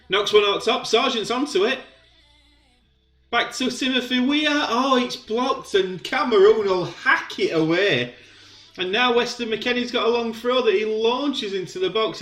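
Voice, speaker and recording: High-voiced man calling a football game. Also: reverberant. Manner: play-by-play, bursts into shouting at goals. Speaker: gaming commentator. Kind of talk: excited football game commentary.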